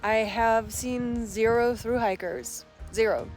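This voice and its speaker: A woman's voice: a little high, fairly even intonation, slow pace, music in the background. A woman hiking alone and filming a casual vlog outdoors on a mountain trail, chatty and reflective as she muses aloud to the camera. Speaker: solo thru-hiker vlogger.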